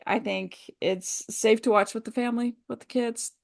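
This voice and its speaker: A woman's voice: on the high side, steady tone, moderate pace, creaky, a little mellow. A woman co-hosting a podcast, chatting enthusiastically with lots of fillers. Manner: chatty, enthusiastic, many "you know" and "like" fillers. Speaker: podcast co-host. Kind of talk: casual chat.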